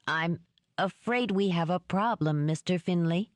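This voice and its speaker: A woman's voice: on the low side, measured pace, dry recording, lightly acted. A woman voicing a small, timid male assistant who speaks nervously and deferentially.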